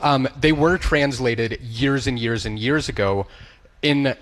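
A man, a news host and correspondent, chatting animatedly on a radio panel and quick to laugh. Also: mid-range voice, fairly bright tone.

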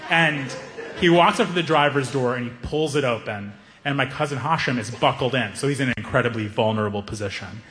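A man telling a stand-up story, animated, acting out the people in it. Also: medium pitch, fairly quick. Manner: animated, acts out characters. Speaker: stand-up comedian. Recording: echoey hall reverb.

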